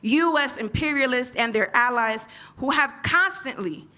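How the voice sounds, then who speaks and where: A woman's voice: high-pitched, expressive, a little slow, sharp tone. A woman from the United States, an invited panel speaker and organizer, giving an impassioned political speech and leading the crowd in call and response. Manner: fiery, leads chanted call and response.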